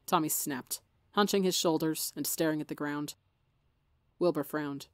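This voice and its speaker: Woman narrator for audiobook fiction, slightly gravelly, low voice, dry close sound. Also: fairly even intonation, moderate pace, dry recording. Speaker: podcast fiction reader.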